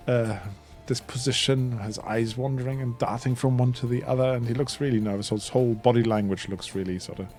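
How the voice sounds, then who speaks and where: A man running a tabletop game as game master, narrating with rambling, hesitant phrasing and many fillers. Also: lowish voice. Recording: faint background music.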